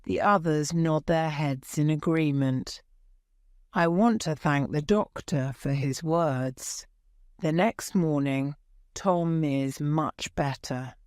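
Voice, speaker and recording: A woman narrating a graded-reader story in the first person with a clear, expressive reading. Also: low voice, slow pace, no room sound, clean studio sound. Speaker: audiobook narrator.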